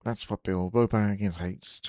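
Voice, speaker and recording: A man's voice: on the low side, fairly even intonation, a little slow, a little mellow, no echo, studio quality. A man giving casual, chatty commentary on a live game stream, musing aloud and often saying "like".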